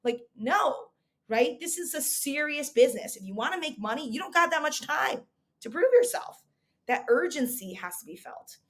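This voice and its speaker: A woman in her thirties giving a recruitment coach's motivational market update, energetic and emphatic, driving her points home with repeated rhetorical questions. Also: high-pitched, moderate pace.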